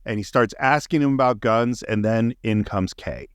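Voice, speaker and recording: A man's voice: mid-range voice, normal speed, smooth, dry recording, studio quality. A middle-aged man co-hosting a podcast, enthusiastically recapping a movie scene by scene in casual chat. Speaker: podcast co-host. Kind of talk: casual film discussion.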